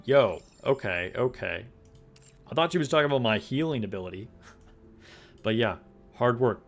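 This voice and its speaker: A relaxed young man chats with his stream audience as he plays, laughing easily and talking through the game. His voice sits mid-range into a desk mic, with soft game music underneath. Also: medium pitch, fairly quick. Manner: relaxed, chatty, laughs often, talks to chat. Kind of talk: casual live-stream chat. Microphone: desk microphone.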